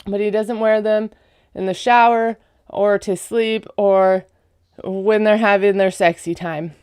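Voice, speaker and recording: A woman's voice: medium pitch, fairly even intonation, a little slow, a little mellow, clear, resonant tone, dry recording, studio quality. A woman giving a casual, chatty recap of a reality show, full of sarcastic asides.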